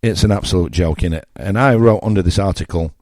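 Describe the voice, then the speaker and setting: A man's voice: sits low, fast, a little mellow, no echo, clean studio sound. A man in his sixties from England with a Yorkshire accent, presenting a radio show in a blunt, mocking, conversational monologue with asides. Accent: Yorkshire English.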